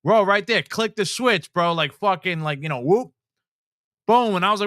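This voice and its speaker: A man with a high, bright voice hosts a casual podcast and tells stories with animated energy, swearing freely and acting out the people he quotes. His voice comes across crisp and clear. The recording is dry and close. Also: moderate pace, no echo. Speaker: podcast host. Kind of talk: casual chat.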